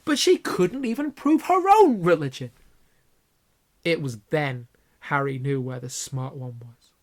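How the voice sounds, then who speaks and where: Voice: medium pitch, expressive, unhurried. A YouTuber giving a comedic reading of fanfiction, with mock-dramatic narration and sarcastic asides.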